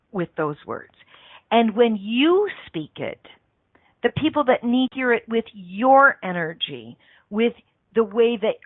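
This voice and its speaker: A woman's voice: on the high side, no room sound. Woman host on a tinny phone line. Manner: earnest, coaching, repeats phrases for emphasis. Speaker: radio show host and coach. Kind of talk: motivational radio talk.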